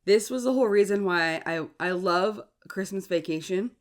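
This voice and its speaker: A woman's voice: medium pitch, moderate pace. A woman hosting a podcast, a parent, chatting casually and acting out movie quotes. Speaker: podcast host. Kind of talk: casual chat.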